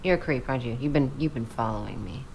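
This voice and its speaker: A woman's voice: very deep voice, fast talker, creaky, a little hiss or hum. An actress playing a suspicious, defensive young woman in a film clip. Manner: wary and sharp.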